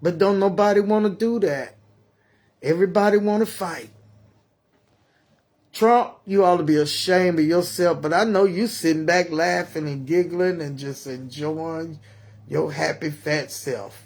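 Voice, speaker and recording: An older grandmother with a high voice , as a man puts her on, preaches and scolds in a comic monologue. She takes her time over every phrase, like someone praying aloud. Her tone is sermon-like and indignant. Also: a little slow, darkish tone. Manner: ranting, scolding. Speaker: storyteller.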